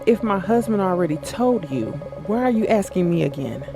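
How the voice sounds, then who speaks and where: A man's voice: sits high, expressive, moderate pace, gravelly. A man reading the lines of a hostile, bitter woman guest in a game, curt and scornful. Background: game music.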